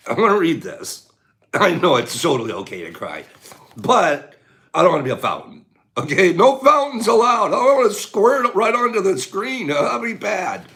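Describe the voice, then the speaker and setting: Man, livestream host, lively sing-song pitch, slightly higher-than-average voice; playful chatter that moves between whispers and loud laughter. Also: normal speed. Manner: swings from hushed whispers to loud laughing outbursts; chatty and playful, reads viewer comments aloud. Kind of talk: casual livestream chat with viewers.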